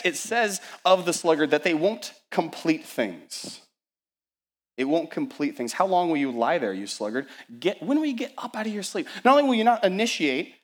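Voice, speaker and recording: Male pastor, mid-range voice, energetic sermon delivery at church, fond of lists and rhetorical questions. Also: mid-range voice.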